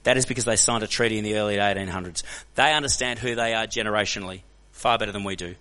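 An Australian man telling stories as a guest speaker to a church crowd, animated and joking, often putting questions to the audience. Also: lowish voice, fast. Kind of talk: energetic storytelling talk to a church audience. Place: church hall.

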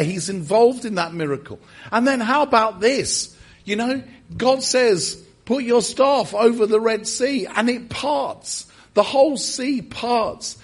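A man preaching a sermon, telling stories and breaking off into animated asides and self-corrections. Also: high voice, husky. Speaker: guest preacher.

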